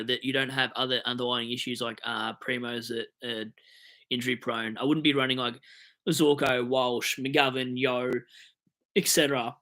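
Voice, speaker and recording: A man's voice: medium pitch, sharp tone. A young Australian man hosting a fantasy football live stream, rambling and joking as he answers chat comments, with hiccups.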